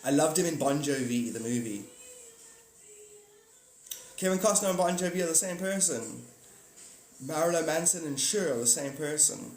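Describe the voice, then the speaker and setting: A man's voice: on the high side, lively intonation, normal speed, long pauses, a little mellow, faint music behind. A man hosting a casual live stream, rambling and joking, swearing now and then and acting out silly voices. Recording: echoey room with faint noise.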